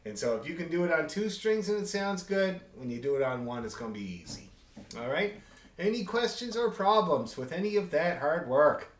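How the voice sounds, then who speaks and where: A man leads a beginner fiddle class online, talking in a loose, rambling way with chuckles between points. His voice sits a little high. The room around him is noticeably echoey. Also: sing-song, brisk. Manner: chatty, rambling, chuckling asides. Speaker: fiddle teacher. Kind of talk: online group music lesson.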